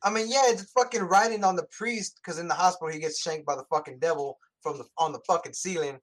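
A man casually and profanely retelling a movie plot in animated chat. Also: fairly high pitch, fast talker.

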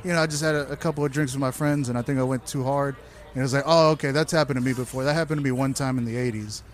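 A man's voice: medium pitch, very fast. A man in casual conversation, telling loose, profane stories about wild nights. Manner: loose, profane, animated anecdotes. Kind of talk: casual chat, storytelling.

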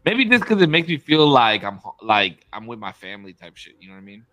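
Bright, animated young male podcast host. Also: mid-range voice, fast talker, highs cut off. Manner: animated, emphatic, laughs often, swears. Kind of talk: casual chat.

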